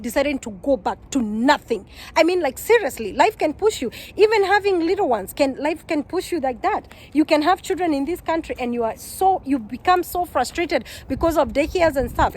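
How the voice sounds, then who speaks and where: A woman's voice: high voice, slight background noise, low-quality recording. A Kenyan woman giving earnest, heartfelt advice in a casual vlog, often repeating her points. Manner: earnest, repeats herself, animated quoting. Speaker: vlogger.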